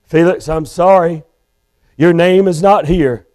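A man's voice: fairly high pitch, a little slow, darkish tone, close to an everyday voice. A male preacher voicing a stern judge on a throne, speaking in a grave, final way in a sermon.

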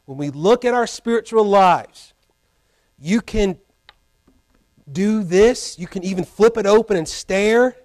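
A high-pitched man delivering a sermon from the pulpit, pressing his points by repeating them with growing force. The sound is close and dry, with little room echo. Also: slow pace, pauses often. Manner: animated, repeats phrases for emphasis. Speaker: preacher. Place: church pulpit.

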